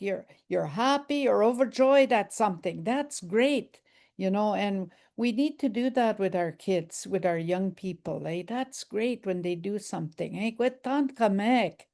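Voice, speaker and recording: An older woman leads a language class, speaking very slowly and with patience. She says each phrase several times so learners can follow. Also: medium pitch, animated, darkish tone. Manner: slow, patient, repeats phrases aloud. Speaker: language teacher. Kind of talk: language lesson.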